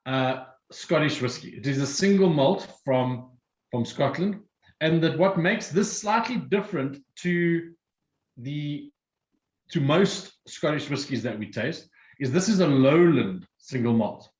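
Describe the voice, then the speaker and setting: A man's voice: fairly high pitch, lively intonation, unhurried, reverberant, lo-fi sound. A man presenting a whiskey tasting and explaining each drink step by step. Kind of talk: guided tasting talk.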